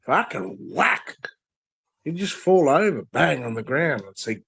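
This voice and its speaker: A man's voice: on the high side, big pitch swings, measured pace, creaky, a bit bright, slightly rough. A man, ranting angrily and profanely as a guest in a casual chat, full of threats. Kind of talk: angry rant in casual chat.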